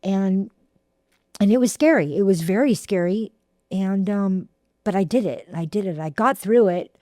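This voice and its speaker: A woman, telling her recovery story in a halting way with repeated words and fillers. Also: mid-range voice, warm tone, no echo, studio quality. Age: 60s. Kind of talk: heartfelt personal testimony.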